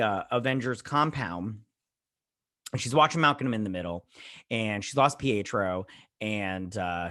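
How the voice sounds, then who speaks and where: A man's voice: on the low side, fairly bright tone, dry recording, clean studio sound. A man hosting his own show, casually retelling a TV episode with lots of fillers and loose quoting. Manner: rambling, filler-heavy retelling with many "uh" and "all like". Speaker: show host.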